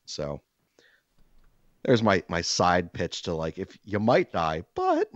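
A man's voice: low voice, slow, no echo, lo-fi sound. A man co-hosting a podcast, telling a long story in a casual way, acting out other people's lines and laughing often. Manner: animated storyteller who acts out quoted voices and laughs a lot. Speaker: podcast co-host.

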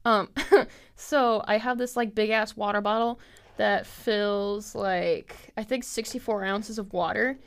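Smooth and measured, with a mid-range voice and fairly even intonation, a young woman in her twenties hosts a podcast. Her talk wanders chattily, thick with fillers and broken up by frequent laughter.

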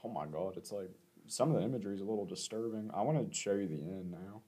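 A man in casual chat, reacting to a music video with easy laughter and animated comments. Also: fairly low pitch, fast, husky.

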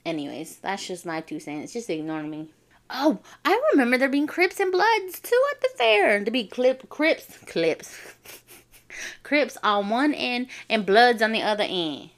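Animated, slangy young woman storyteller. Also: on the high side, a little slow. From Navajo reservation, US. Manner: animated, slangy, swears freely. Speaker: vlogger. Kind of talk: casual storytelling.

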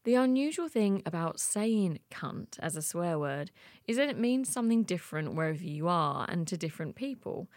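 A woman hosting a podcast, narrating a scripted intro and interviewing a guest in an expressive, playful way. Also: lowish voice, moderate pace, no room sound, studio quality. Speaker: podcast host.

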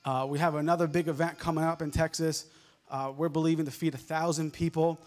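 A male preacher with a softened New York accent, delivering a fervent sermon full of amens and hallelujahs. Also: on the high side, flat delivery, fairly quick, faint music behind. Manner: fervent, peppered with amens and laughs.

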